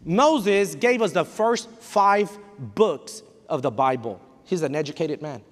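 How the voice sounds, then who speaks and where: A man's high, bright voice rings out in an emphatic sermon, exhorting his listeners with repeated lines and a few Spanish phrases. He drives his points home with direct, playful asides. The sound carries the long reverb of a church hall. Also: animated, takes it slowly. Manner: emphatic, repetitive preaching that mixes in Spanish phrases. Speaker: pastor. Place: church sanctuary.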